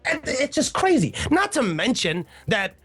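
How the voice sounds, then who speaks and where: Animated high-voiced man telling stories. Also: husky, faint music behind. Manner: animated storyteller, swooping pitch, quick asides. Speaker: podcast host. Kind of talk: casual podcast chat.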